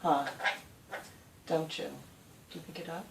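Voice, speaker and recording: A woman's voice: sits low, fairly even intonation, slow pace, gravelly, a little mellow. A middle-aged woman chatting casually at home, cooing in baby talk to her pet birds, recorded on a distant camera mic. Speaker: pet owner vlogger. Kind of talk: casual home video chat. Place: home with parrots in the room. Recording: roomy, distant, noisy home audio.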